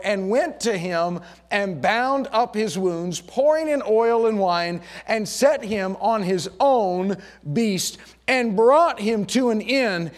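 A middle-aged pastor with a high voice preaches a sermon. He moves back and forth between loud, emphatic passages and quiet storytelling.

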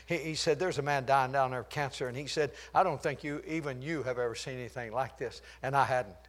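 An older man preaching a sermon, swinging from loud, shouted declarations to hushed storytelling and chuckling at his own jokes. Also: mid-range voice, fairly even intonation, brisk.

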